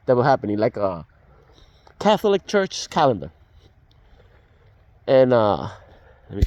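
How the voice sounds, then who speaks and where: A man's voice: a little high, a little mellow. An older man telling a personal testimony in a casual, rambling way, with restarts and fillers and the dialogue acted out as he goes. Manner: reenacts dialogue as he tells it. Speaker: storyteller.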